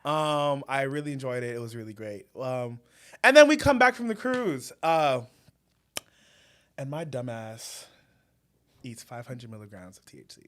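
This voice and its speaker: A man co-hosting a podcast, telling a story in a casual, animated way and often breaking into laughter. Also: moderate pace, long pauses. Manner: animated, laughing, swings loud and high when telling the story. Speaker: podcast co-host.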